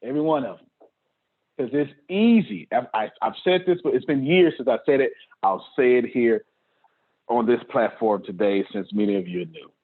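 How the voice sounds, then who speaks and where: A man's voice: mid-range voice, moderate pace. A man hosting a motivational talk to his staff on a video call, preachy and repeating his points, often laughing. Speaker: host. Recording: tinny phone-like call audio.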